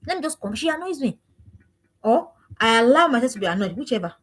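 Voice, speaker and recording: A woman's voice: on the high side, very animated, fast talker, slightly rough. A woman giving an emphatic, preachy parenting talk with lots of repetition. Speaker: parenting coach.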